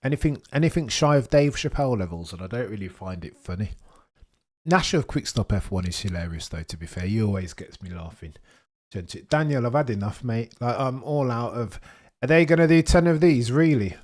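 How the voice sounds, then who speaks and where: A man's voice: mid-range voice, brisk. A man hosting a live watchalong stream, rambling and joking as he chats with viewers, sometimes eating as he talks. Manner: rambling, jokey, excitable, talks to chat; eating while talking. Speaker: livestream host.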